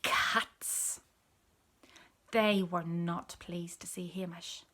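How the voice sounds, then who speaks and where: A woman reading a picture book aloud, telling the story softly, often in a whisper, and pointing out the pictures. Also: on the low side, steady tone, very slow. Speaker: storybook reader.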